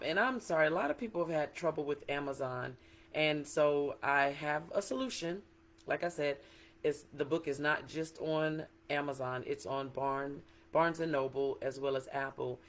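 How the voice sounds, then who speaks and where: Excited woman author chatting to viewers. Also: sits low, moderate pace. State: a little emotional. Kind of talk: casual livestream book talk.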